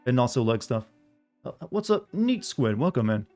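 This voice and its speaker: A man's voice: medium pitch, very animated, normal speed, darkish tone, soft background music. Rambling young male game streamer. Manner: rambling, full of filler words, reading chat aloud. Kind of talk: casual gameplay chat with viewers.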